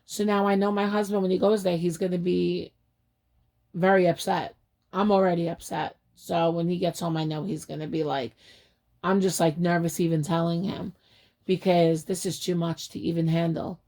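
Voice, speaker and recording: A woman's voice: fairly low pitch, level tone, moderate pace, dark tone. A woman vlogger anxiously retelling conversations in a personal update, sounding overwhelmed.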